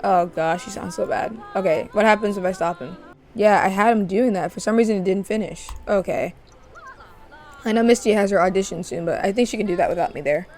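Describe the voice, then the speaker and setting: Chatty woman doing a casual game playthrough, amused, soft music underneath. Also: mid-range voice, brisk. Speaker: let's play narrator.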